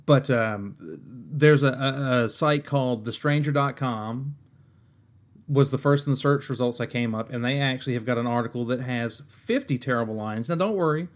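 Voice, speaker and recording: Male podcast host, mid-pitched, in an exasperated comic rant that is profane and full of restarts. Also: normal speed. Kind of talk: comedic rant.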